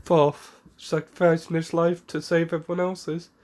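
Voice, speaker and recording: A man casually narrating an improvised fan story in a rambling, halting way with many restarts. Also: on the high side, little pitch movement, darkish tone.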